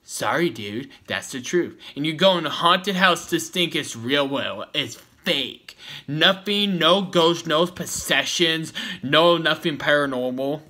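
A man's voice: on the high side, animated, unhurried, bright, forceful tone. A man giving a rambling, repetitive, confrontational rant to the camera in a vlog. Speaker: YouTuber. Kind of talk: ranting vlog commentary.

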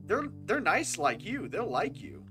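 Brief: cheerful dim-witted swamp monster guard in a game, read by a streamer, lively delivery, faint music under it. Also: medium pitch, a little slow. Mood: friendly. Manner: cheerful, simple-minded chatter. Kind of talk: reading game dialogue aloud.

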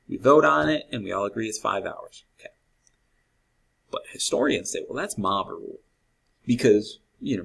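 A man's voice: on the low side, creaky, fairly bright tone, husky, low-quality recording. A man teaching a history lesson in a conversational way, repeating key phrases and asking his students questions. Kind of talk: classroom history lecture.

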